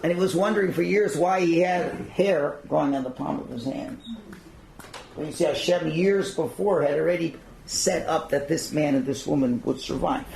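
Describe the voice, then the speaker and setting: A man's voice: on the high side, moderate pace, creaky, a little mellow. A man teaching a religious class in the emphatic, preacher-like style of a rabbi, and using rhetorical questions. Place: synagogue hall. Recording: echoey hall recording.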